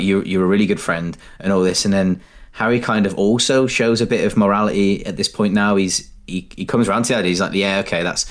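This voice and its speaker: A man co-hosting a podcast, animatedly retelling film scenes in casual chat. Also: deep voice. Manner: animated retelling, acts out movie lines. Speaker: podcast co-host.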